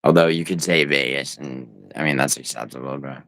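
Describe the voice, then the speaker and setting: A man's voice: rumbling low, fairly even intonation, brisk, gravelly, a bit bright, no room sound. A man livestreaming from home, rambling and teasing his viewers in profane, casual banter as he reads the chat. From United States.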